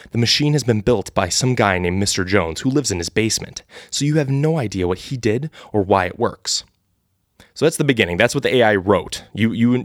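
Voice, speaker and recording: Low-voiced guy reading an ai story live, cracking up, dry sound. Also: no echo. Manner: casual and laughing, with restarts. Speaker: storyteller and host. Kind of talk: live unrehearsed reading of an AI text adventure.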